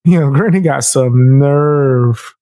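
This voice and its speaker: Gravelly man mocking in commentary. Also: medium pitch, slow, dark tone, no room sound. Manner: mocking, incredulous, slangy. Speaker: commentary host. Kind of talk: reaction commentary.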